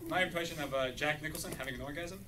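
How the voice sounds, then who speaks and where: A man's voice: on the high side, rapid-fire. Young male comic, hesitant, distant mic. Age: young adult. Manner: hesitant, lots of uh fillers. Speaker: stand-up comedian. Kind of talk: stand-up comedy. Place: university stage with audience. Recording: distant mic, loud crowd and noise. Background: audience laughter and ambience.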